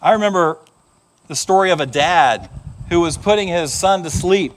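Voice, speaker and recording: A middle-aged male pastor giving a sermon, an animated storyteller who acts out the voices in his stories. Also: high voice, moderate pace.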